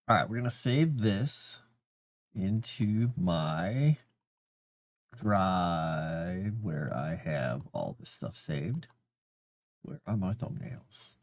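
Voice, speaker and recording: A man's voice: low voice, animated, drawn-out words, no room sound. A man rambling casually on a livestream, chatting to his cat between thoughts.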